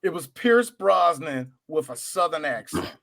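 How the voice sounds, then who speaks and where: A man chatting on a podcast in a high voice that swings widely in pitch. He is animated and quick to laugh. The talk is loose and playful. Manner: animated, laughing, mimics movie lines. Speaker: podcast co-host. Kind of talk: casual podcast banter.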